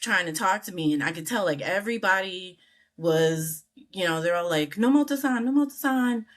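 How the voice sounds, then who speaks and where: A woman's voice: on the low side, normal speed, fairly bright tone. A middle-aged American woman telling a story as an interview guest, acting out the people she quotes with big jumps in her voice. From United States. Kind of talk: casual storytelling.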